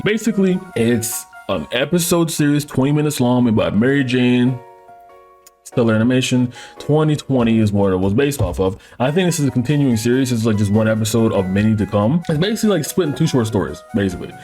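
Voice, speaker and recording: A man's voice: mid-range voice, animated, brisk, a little mellow. A male host talking through an anime review in a loose, crude, slang-heavy way. He keeps breaking into laughing asides between his jokes, and faint music plays underneath. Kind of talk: casual review commentary.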